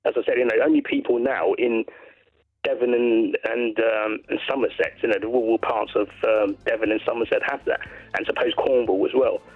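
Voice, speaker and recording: A man's voice: medium pitch, expressive, brisk, soft background music. A man from England calling in to a radio show, chatting eagerly and rambling with lots of restarts. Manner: rambling, enthusiastic, many restarts. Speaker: caller. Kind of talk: casual chat on a radio phone-in. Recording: phone line.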